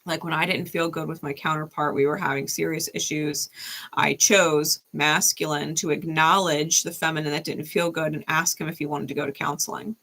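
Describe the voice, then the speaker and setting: Woman, tarot reader on a live stream, bright voice, casual and chatty, laughs easily. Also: sits low, fairly even intonation, moderate pace. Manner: casual, chatty, laughs often, frequent "right?". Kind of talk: live-stream reading and chat.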